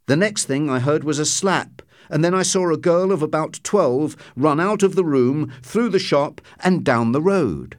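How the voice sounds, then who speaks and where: A man reading a story aloud as narrator, in a steady, measured storytelling voice. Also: fairly high pitch, no echo, studio quality. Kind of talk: scripted audiobook narration.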